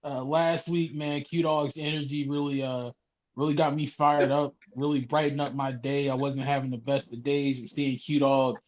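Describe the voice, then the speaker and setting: A man returning to a sports podcast panel, greeting the others in a relaxed, friendly way. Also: medium pitch, normal speed, dull audio. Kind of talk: casual sports chat.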